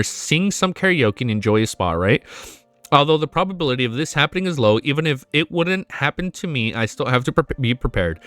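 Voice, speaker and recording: A man's voice: medium pitch, fairly bright tone, dry recording. A man with a congested nose reading a webnovel aloud as a reaction streamer, swearing freely and breaking into emotional exclamations.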